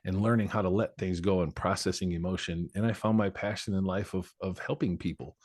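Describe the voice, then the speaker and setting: Male podcast guest, 40s, deep-ish and dry, frank and reflective. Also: fairly even intonation, brisk, a little mellow, no room sound. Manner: candid, reflective storyteller. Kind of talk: personal life story in conversation.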